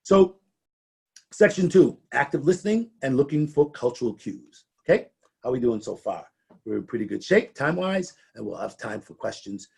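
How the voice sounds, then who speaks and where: A man's voice: mid-range voice, animated, normal speed, vocal fry, dark tone, breathy edge. A middle-aged man giving a conversational training presentation, often restarting and repeating words as he talks.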